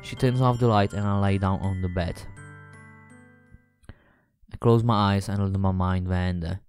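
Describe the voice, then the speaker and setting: Casting: man narrator, lowish voice, earnest and measured, faint music underneath. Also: steady tone, darkish tone. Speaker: storyteller. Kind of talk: first-person story narration.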